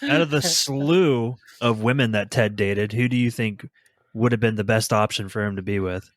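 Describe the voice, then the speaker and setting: A man in his thirties co-hosting a podcast in a relaxed casual chat, sometimes searching for the right word. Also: on the low side, moderate pace, no room sound, clean studio sound. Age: 30s. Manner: relaxed, searches for words as he talks. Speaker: podcast co-host.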